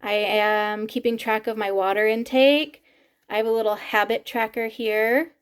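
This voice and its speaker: Chatty woman vlogger, slightly high voice. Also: steady tone, normal speed, clean tone. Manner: chatty, laughs often between words. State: teary, crying while laughing. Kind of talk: casual vlog talk to camera.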